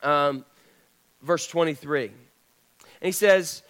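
A man's voice: a little high, slow, fairly bright tone, clear, resonant tone. A male pastor preaching a sermon in a conversational way, putting questions to the congregation.

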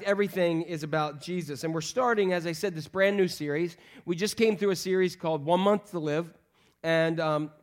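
A middle-aged man, a pastor, preaching a sermon with lively, joking storytelling and frequent fillers. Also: fairly high pitch. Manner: animated, humorous storytelling with many fillers.

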